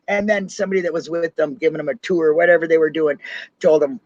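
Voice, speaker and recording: A man with a Minnesotan accent in casual podcast chat, chatty, talking fast and laughing often. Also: a little high, no echo, dull audio. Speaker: podcast co-host.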